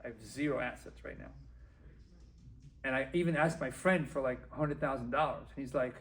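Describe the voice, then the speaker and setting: There's a little hiss or hum behind this dentist's mid-range voice as he delivers a motivational talk to a group at a moderate pace. He animatedly acts out dialogue and repeats phrases to drive his points home.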